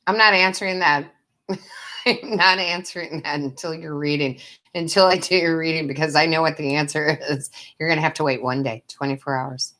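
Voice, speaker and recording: Her voice sits low with a fairly bright tone as she, a tarot reader and medium, does live-stream readings. She chats warmly with viewers, laughs a lot, and addresses them as love and sweetheart.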